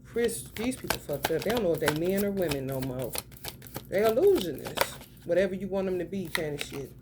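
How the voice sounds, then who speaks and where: A young woman giving a casual tarot reading, blunt and profane, full of slang, swinging from loud outbursts to low mutters. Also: animated, a little fast, background noise. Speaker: tarot reader.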